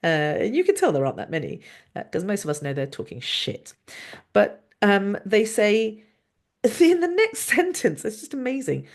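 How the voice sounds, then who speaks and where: Sarcastic podcasting doctor with a lively voice. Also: mid-range voice, moderate pace. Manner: sarcastic, mocking, animated. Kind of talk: passionate podcast monologue. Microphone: video call recording.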